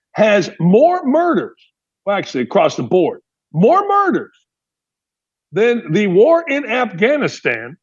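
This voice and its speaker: A man's voice: sits high, slightly rough, lo-fi sound. A man from Indiana hosting a sports talk show, delivering an emphatic opinion monologue full of rhetorical questions.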